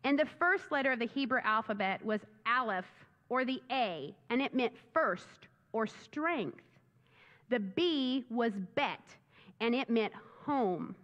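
A woman pastor preaching a sermon in an animated, enthusiastic way. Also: a little high, takes it slowly. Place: church sanctuary. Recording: dull sound with long reverb in a church.

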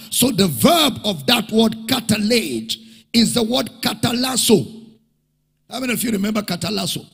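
Man preaching, high lively voice, slow and emphatic, husky, long echo in a big church hall. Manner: emphatic, repeats key phrases, calls for audience response. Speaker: pastor. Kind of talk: sermon.

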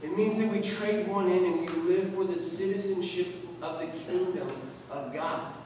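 Conversational preacher in an echoey hall. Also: male voice, high-pitched, moderate pace, recorded from a distance, slight background noise. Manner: conversational storytelling, animated. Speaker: pastor. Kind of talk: sermon with personal story. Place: church hall.

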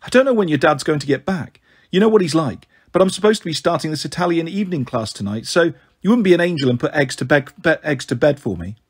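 A man voicing a gentle young stepmother in an audiobook reading, speaking softly and coaxingly. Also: on the high side, lively intonation, fast, breathy edge.

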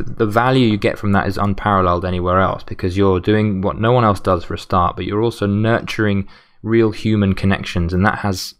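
A man hosting a solo podcast, giving advice in an earnest, motivational way while sounding tired and losing his voice. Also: on the low side. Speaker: podcast host.

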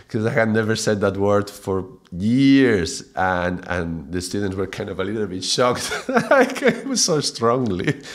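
A male yoga and mantra teacher giving a spoken video lesson, reflective and thoughtful, breaking now and then into excited, laughing bursts. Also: fairly low pitch, measured pace, few pauses.

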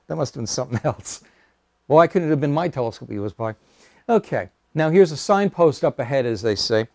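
A man's voice: mid-range voice, lively intonation, brisk, vocal fry, darkish tone, no echo. Man lecturing with dry, close sound. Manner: hesitant, many fillers, wry asides. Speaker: guest lecturer at astronomy club. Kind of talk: public lecture with slides. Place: meeting room.

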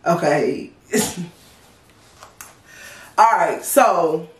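A woman in her thirties with a DC-area accent, telling a story on a vlog. She is animated, profane and blunt, and she acts out what each person said. Her voice carries a roomy echo, picked up from a mic set back from her. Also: mid-range voice, measured pace, recorded from a distance. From Washington DC area. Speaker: vlogger. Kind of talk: casual storytime.

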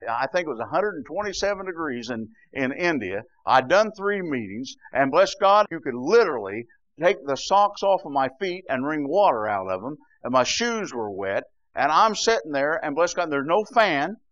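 With no echo and the highs cut off, this clip captures an older preacher's fervent sermon. He swings between quiet, low stretches and loud shouting peaks, frequently saying "bless God."

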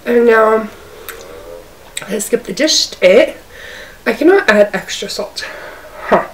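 Her voice is on the high side, animated and slow. Eating on camera at home, this woman vlogger rambles casually and says "like" constantly, all captured from a distance by the camera's built-in mic with a faint hiss.

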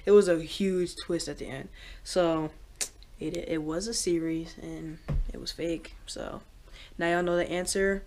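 A woman vlogging casually, rambling with many fillers and getting excitable. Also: fairly low pitch, measured pace. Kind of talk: casual reaction vlog.

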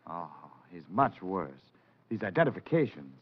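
An actor playing a smooth, scheming doctor who talks down in a patronizing way, 1940s radio drama. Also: male voice, low-pitched, very animated, moderate pace. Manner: soothing then menacing, patronizing. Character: smooth scheming male doctor, middle-aged. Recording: dull old radio broadcast.

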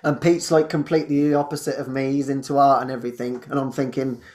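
A man, hosting and telling a personal testimony in an animated way, laughing often and restarting his sentences. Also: mid-range voice, fast. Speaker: host.

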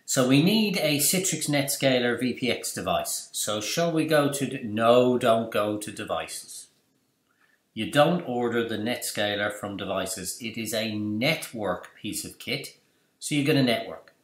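A man presenting a screen-recorded software tutorial, chatty and explanatory, asking and answering his own questions. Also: mid-range voice, a little slow. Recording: roomy echo.

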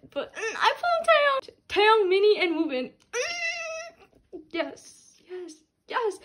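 A young woman vlogging casually at home, halting and restarting, gasping and squealing with excitement. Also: high-pitched. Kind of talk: casual unboxing chat. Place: home room.

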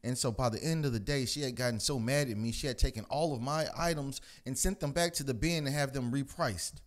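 Man delivering a profane street-style rant. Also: brisk. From United States. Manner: animated and profane, mimics people in higher voices. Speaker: host of a commentary channel.

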